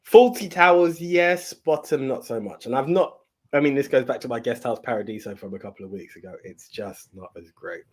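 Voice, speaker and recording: A podcast co-host speaks at a medium pitch and a fairly quick pace in a casual podcast chat. He talks earnestly and at length, rambling and frequently repeating or restarting his phrases.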